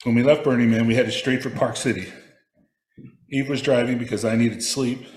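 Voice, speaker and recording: A man reads a personal reflection he has written, pacing his stories and adding dry, wry asides. His voice sits at an ordinary middle pitch. The recording carries the reverb of an echoey room. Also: fairly even intonation, moderate pace, a little mellow. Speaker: speaker sharing a personal reflection. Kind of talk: prepared personal reflection read aloud.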